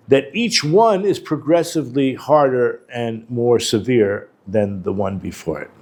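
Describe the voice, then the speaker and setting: Rabbi teaching a casual Torah class. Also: male voice, medium pitch, unhurried, few pauses, a little mellow. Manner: explains texts, mixing in Hebrew terms and quotes; informal, with restarts and asides to the class. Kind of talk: conversational Torah lecture.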